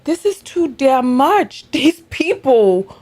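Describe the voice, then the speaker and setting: A woman's voice: high-pitched, very animated, takes it slowly, darkish tone. A woman hosting a reaction commentary, talking in an indignant, exasperated way. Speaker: commentary host.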